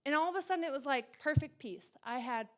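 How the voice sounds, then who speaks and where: A woman in her thirties telling a personal faith story in casual talk, laughing often and acting out quoted lines in excited bursts. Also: sits high, fast talker. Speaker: guest sharing her testimony.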